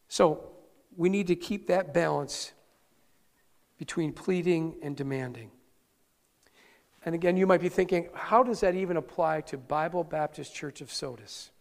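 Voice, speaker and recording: A male pastor preaching a sermon live, earnest and animated, often restarting his words. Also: fairly high pitch, a little slow, creaky, long pauses, long reverb tail. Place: church sanctuary, live-streamed service.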